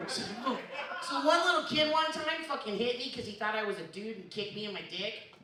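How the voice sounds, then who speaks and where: A young woman with a bright, pushed, fairly high voice tells a crude, profane, self-mocking story a little fast at a live storytelling comedy show. She performs as a storyteller comic on a comedy bar stage, recorded from afar in an echoey room amid the noise of a laughing crowd.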